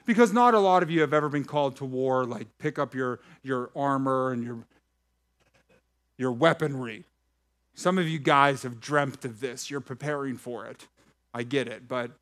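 A man's voice: mid-range voice, normal speed. A man preaching a sermon to a live congregation. He shifts between reading scripture and joking with the crowd. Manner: animated preaching with jokes to the congregation. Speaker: pastor. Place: church hall with a live congregation.

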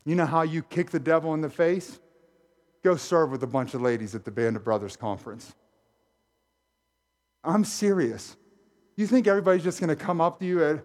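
A middle-aged man preaching a sermon as pastor, animated and jokey, talking straight to his congregation in a church. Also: fairly high pitch, brisk. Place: church sanctuary.

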